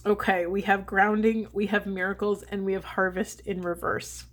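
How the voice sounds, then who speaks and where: A woman giving a spiritual tarot reading to her viewers, speaking in a slow, meditative and emotional way, with sighs between thoughts. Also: mid-range voice, steady tone, slight background noise. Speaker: tarot card reader.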